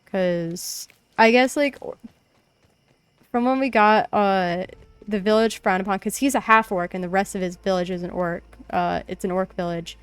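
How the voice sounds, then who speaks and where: Young woman streamer rambling about her d&d session, smooth clear voice, lots of likes and ums. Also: medium pitch, moderate pace, no room sound. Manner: rambling storytelling, many fillers. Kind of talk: casual chat while gaming.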